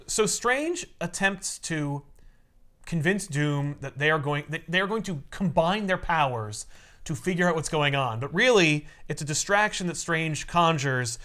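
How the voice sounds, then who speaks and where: A man casually recapping a comic story, animated and acting out the characters. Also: on the high side, unhurried.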